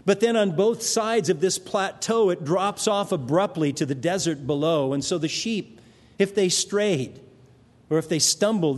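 Pastor, male, fairly high voice, emphatic sermon delivery with dramatic pauses, church hall with long echo. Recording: long reverb of a large hall.

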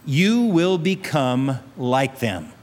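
A man's voice: medium pitch, sing-song, extremely slow. A male pastor preaching a sermon, urging his listeners with repeated phrases and rhetorical questions. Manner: earnest, repetitive exhortation with rhetorical questions. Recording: long reverb of a large hall.

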